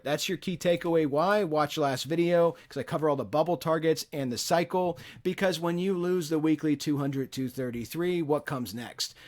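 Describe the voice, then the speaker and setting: A middle-aged man hosting a market analysis show, talking viewers through trading charts in a chatty way with joking asides. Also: fairly high pitch. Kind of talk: casual trading chart commentary.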